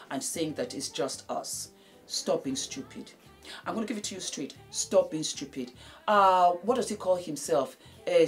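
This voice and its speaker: A woman giving blunt, preachy gossip commentary straight to the camera, addressing the subject directly. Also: low voice. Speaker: celebrity gossip vlogger.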